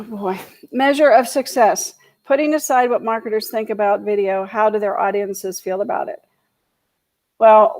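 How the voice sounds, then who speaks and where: A woman's voice: medium pitch, a little mellow, low-quality recording. A woman teaching an online class on a video call, reading statistics from her slides and adding casual asides. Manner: reads statistics aloud, then adds casual asides. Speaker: video marketing instructor for real estate agents.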